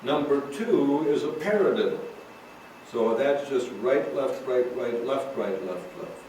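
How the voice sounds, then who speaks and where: A man's voice: mid-range voice, lively intonation, a little slow. Guy teaching drum rudiments, calling out rights and lefts, sounds far off in a super echoey room. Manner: calls out stickings while playing. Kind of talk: recorded drum lesson, talking between demonstrations. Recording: roomy echo, far from mic, noisy.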